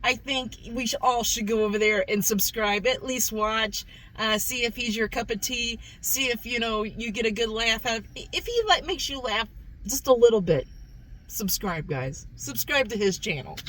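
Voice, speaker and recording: A woman's voice: fairly high pitch, normal speed, a bit bright, low-quality recording. A woman hosting a casual food review vlog, chatty, repeating herself and calling her viewers "guys". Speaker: food review channel host.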